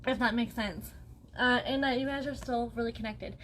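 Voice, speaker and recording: Woman, young adult, psychic medium, live-stream reading, chatty, reassuring, higher voice, faint background hum. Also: normal speed, fairly bright tone. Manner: chatty, reassuring, often checks in with "okay?".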